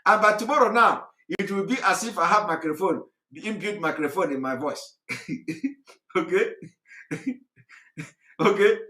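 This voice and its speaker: A hoarse man, hosting a live address, talking repetitively with laughs and emphasis. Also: high-pitched, a little slow, long pauses, sharp tone, echoey room. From Nigeria. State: hoarse, recovering voice. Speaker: host of a live broadcast.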